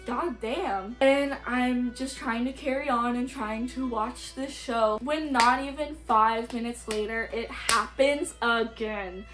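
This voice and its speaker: A young adult woman telling a story in a casual vlog, blunt and profane, with lots of "like" fillers. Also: fairly high pitch. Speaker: YouTuber.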